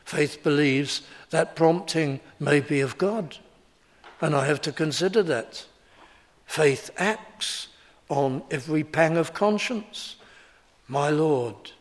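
A man in his seventies preaching a sermon in a slow, deliberate, emphatic way. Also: a little high.

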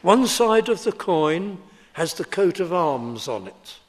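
A man in his seventies preaching a sermon in a slow, deliberate, emphatic way. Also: high-pitched, very animated.

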